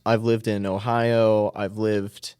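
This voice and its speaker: Teenage boy, low soft voice, short easy answers, casual chat, dry close sound. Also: flat delivery, takes it slowly, clean tone, no echo. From Kentucky. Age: teens. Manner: soft-spoken, brief answers, laughs easily. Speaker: high school student guest.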